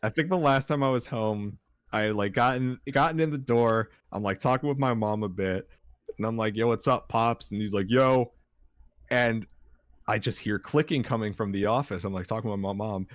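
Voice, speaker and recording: A man's voice: mid-range voice, normal speed, dry recording, highs cut off. Profane young man telling stories. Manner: profane, animated storyteller. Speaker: band member, stream co-host. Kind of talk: casual chat.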